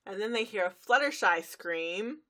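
A woman co-hosting a casual podcast chat recaps a cartoon episode, narrating its plot in long run-on sentences full of fillers. Her medium-pitched voice is animated and fairly bright, at a normal speed.

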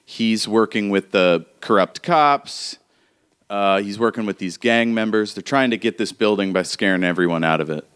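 Male game master, lower voice, relaxed casual narration. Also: moderate pace, smooth. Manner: loose, casual, laughing often.

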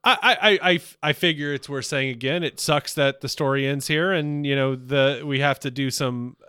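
A man's voice: mid-range voice, fairly even intonation, normal speed, pushed and bright, smooth, no room sound, studio quality. A man talking as a podcast guest, eager and full of stammering restarts. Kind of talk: casual chat.

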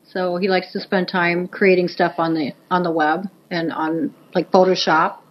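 A woman's voice: lowish voice, flat delivery, moderate pace. Easygoing woman from south dakota, guest on a podcast, kinda muffled sound. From South Dakota, USA. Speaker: interview guest. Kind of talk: casual interview answers.

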